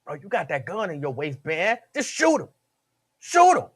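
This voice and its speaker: A man's voice: fairly high pitch, expressive, fairly quick, a bit bright, breathy edge, heavily acted. A man doing his pushy friend's goading voice. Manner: goading, hyping. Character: pushy male friend egging a buddy on.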